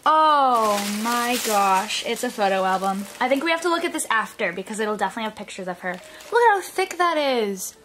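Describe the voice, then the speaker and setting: Gushing high-voiced woman unboxing. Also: a little fast, hardly any pauses, a little hiss or hum. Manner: gushing, gasping, breathy excitement. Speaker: vlogger unboxing a reborn doll. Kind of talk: casual unboxing chat. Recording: music playing underneath.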